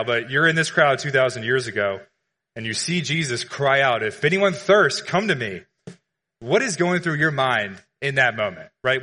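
A man's voice: mid-range voice, pushed and bright. A man preaching a sermon in a church, earnest and conversational, asking the listeners questions. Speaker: pastor. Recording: long hall reverb.

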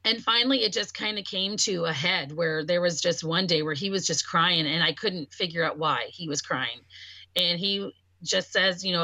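Bright-voiced woman telling a personal story. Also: fairly low pitch, moderate pace, no room sound. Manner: voices quoted speech. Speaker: podcast talker. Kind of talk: casual conversation.

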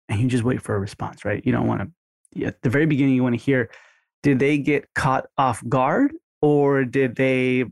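An energetic man coaches his listeners through a walkthrough, now and then jumping up into bright voices to act out sample phone calls. His voice sits at an ordinary middle pitch. The sound is dry and close. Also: moderate pace, vocal fry, no room sound. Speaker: marketing instructor. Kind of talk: coaching lesson with screen walkthrough.

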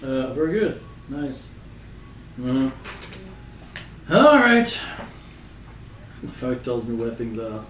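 Lively, bright-voiced man game master. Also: mid-range voice, takes it slowly, long pauses, a little hiss or hum. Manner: animated, profane, joking. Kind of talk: running a tabletop game. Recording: roomy, distant mic with faint ambience.

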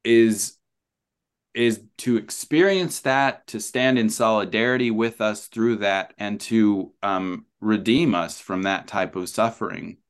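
A man as a podcast guest, explaining his ideas thoughtfully with many pauses, ums and restarts. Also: fairly low pitch, clear, resonant tone. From New Zealand. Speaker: author and guest. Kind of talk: conversational podcast interview.

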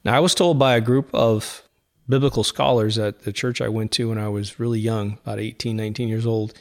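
A man's voice: lowish voice, steady tone, fairly quick. A middle-aged man hosting a podcast, talking in a rambling, conversational monologue full of asides. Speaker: podcast host. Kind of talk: casual monologue.

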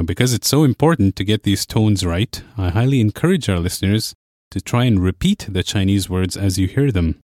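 A man teaching a language lesson, explaining clearly and patiently. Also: lowish voice, a little mellow, dry recording, studio quality. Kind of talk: scripted lesson narration.

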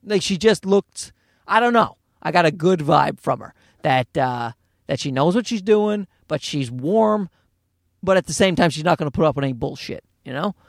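A man telling a comedic story as a parent, animated and profane, with ranting asides. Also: on the high side, normal speed, creaky, dry recording, clean studio sound. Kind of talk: comedic monologue.

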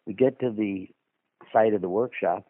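Deep-voiced man telling stories over a phone line. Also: moderate pace, slightly rough, no room sound. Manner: conversational, rambling, with asides. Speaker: guest author. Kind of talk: anecdotal storytelling in a radio interview. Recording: dry phone-line audio.

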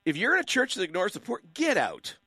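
Fired-up radio host, high lively voice. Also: male voice, brisk, slightly rough, no echo. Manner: preachy, fired-up, hammering rhetorical questions. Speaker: radio talk show host. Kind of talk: impassioned call-in radio commentary.

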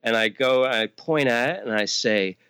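A man's voice: medium pitch, moderate pace, pushed and bright, clean tone, no echo. A young man hosting a podcast, telling a story in a playful comic rant full of mock outrage. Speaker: podcast host. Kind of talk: casual chat, comic rant.

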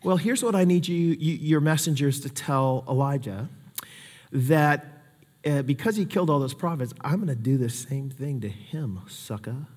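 A man voicing a scheming, vengeful queen who speaks in a low, hushed, taunting way, as part of a sermon retelling. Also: moderate pace, close to an everyday voice. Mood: menacing. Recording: long hall reverb.

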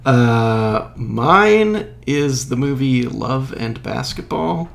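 Gravelly laid-back man chatting. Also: medium pitch, lively intonation, very slow. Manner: laid-back, laughs often, trails off mid-sentence. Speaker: podcast co-host. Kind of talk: casual chat.

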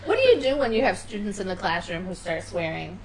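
A woman's voice: medium pitch, sing-song, fairly quick, echoey room, crowd noise, low-quality recording. A woman in a casual podcast chat, joining in with playful, teasing remarks.

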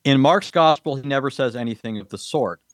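A man's voice: mid-range voice, fairly quick, dry recording. A man answering questions in a formal debate, precise and lecturing, citing verses and Greek grammar. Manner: precise, lecturing, cites scripture references.

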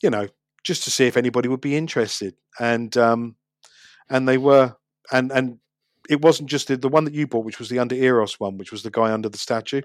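A man's voice: mid-range voice, fairly quick, no room sound, clean studio sound. A man, talking casually about street photography and city life, chatty with frequent restarts. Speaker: street photographer, podcast guest. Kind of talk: casual chat.

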